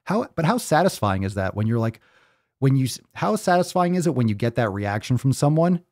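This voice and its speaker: A man's voice: mid-range voice, sing-song, fairly quick, a little mellow, no room sound, clean studio sound. A man hosting a fitness live stream, reading viewer posts aloud and reacting with blunt, profane emphasis, repeating his points to drive them home. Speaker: fitness podcast host.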